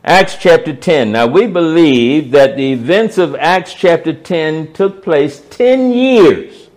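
A man preaching a sermon, stressing key words by repeating them and swinging between loud emphasis and hushed asides. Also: a little high, rough recording.

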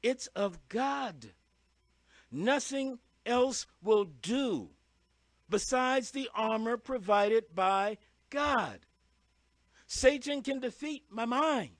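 A man preaching a sermon in an emphatic, repetitive style, punching single words with sudden loud stresses. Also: very high voice, lively intonation, drawn-out words, no room sound.

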